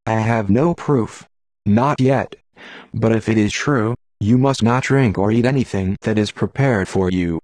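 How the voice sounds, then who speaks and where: A man's voice: lowish voice, measured pace, a little mellow, no room sound, lightly acted. A man voicing an earnest young male Jedi apprentice who pleads urgently, in an audiobook.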